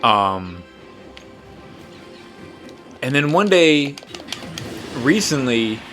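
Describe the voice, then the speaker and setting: A young man in his twenties rambles through a story in a relaxed, casual way. He swears freely, pokes fun at himself and drifts off topic while playing a game. His voice sits at an ordinary middle pitch. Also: very slow, soft background music. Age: 20s. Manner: rambling, profane, self-mocking. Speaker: podcast host.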